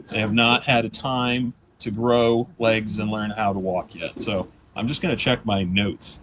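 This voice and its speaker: A man in his thirties doing a live stand-up set, rambling and self-deprecating with deadpan asides. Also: mid-range voice, a little hiss or hum. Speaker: stand-up comedian. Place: comedy stage before a live audience.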